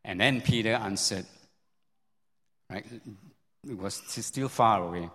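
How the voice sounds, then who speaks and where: A man preaching a sermon as a pastor, telling the story in an animated way with many repeats and sudden jumps up in pitch. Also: measured pace, pauses often. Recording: long hall reverb.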